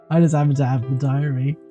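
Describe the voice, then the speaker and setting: A man's voice: medium pitch, dark tone, muffled recording. Sarcastic, joking male game streamer. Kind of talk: casual live game commentary.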